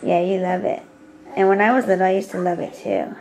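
A woman's voice: on the low side, a little fast, a crowd in the background, rough recording. A young woman hair stylist rambling through a casual vlog at home. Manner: rambling, chatty, slips into whispers.

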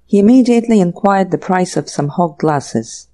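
Mellow, measured audiobook narrator. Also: mid-range voice, lively intonation. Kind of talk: scripted narration.

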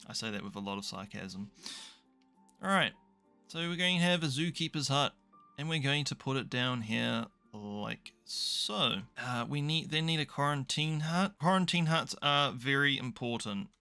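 Chatty man with a gravelly, bright voice. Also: mid-range voice, measured pace, faint music behind. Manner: chatty, thinking aloud, dry self-mocking asides. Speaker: gaming YouTuber. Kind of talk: casual let's play commentary.

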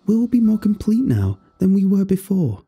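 Forced-cheerful mom done by a guy, strained and put-on happy, breathy. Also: high voice, sing-song, moderate pace, warm tone, voice pushed up, full character voice. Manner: forced enthusiasm. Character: anxious mother forcing cheerfulness.

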